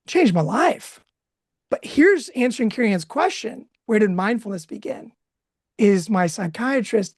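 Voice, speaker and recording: A man in his thirties telling a candid personal story, emotional and expressive, laughing now and then. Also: high voice, gravelly, no room sound, clean studio sound. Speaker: guest speaker.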